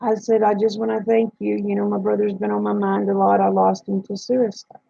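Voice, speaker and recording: A woman's voice: mid-range voice, monotone, fairly quick, creaky, warm tone, breathy edge, dry recording. A woman hosting a livestream, telling a personal story in a plain-spoken way and retelling the dialogue. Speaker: livestream host. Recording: dull lo-fi dry sound.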